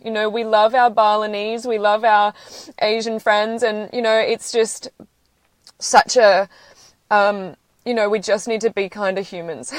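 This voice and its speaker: A woman's voice: medium pitch, dry recording. Woman, 30s, tearful earnest livestreamer, blunt and sweary, dry close phone sound. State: close to tears. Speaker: social media livestreamer. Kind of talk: emotional live-stream monologue.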